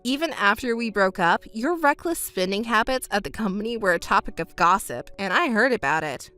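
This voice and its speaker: A woman reading as a betrayed wife in a texting story, scornful, sharp and mocking. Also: medium pitch, lively intonation, fairly quick, soft background music. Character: betrayed wife, adult woman, cold and cutting.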